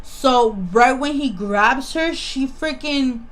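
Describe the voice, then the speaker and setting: Animated young woman retelling a scene. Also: sits high, takes it slowly. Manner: animated storyteller, acts out scenes in voices. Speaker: co-host of a show review channel. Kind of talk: casual episode recap chat.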